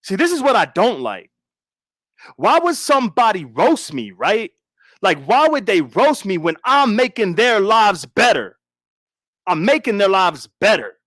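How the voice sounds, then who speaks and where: High-voiced man on a sarcastic stream rant. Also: a little slow, no echo. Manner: animated, sarcastic, repeats himself. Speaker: YouTube streamer. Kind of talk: sarcastic ranting stream commentary.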